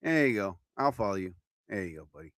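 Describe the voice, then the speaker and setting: A man's voice: fairly low pitch, sing-song, quick pace, a bit bright, no room sound. A man hosting his own live stream as a comedian, chatting casually and rambling from topic to topic.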